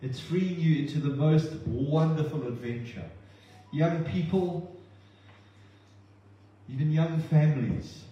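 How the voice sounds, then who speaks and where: Man, preacher, sermon, impassioned then halting, dull distant recording. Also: a little high. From not from New Zealand. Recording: echoey hall, distant mic, dull sound.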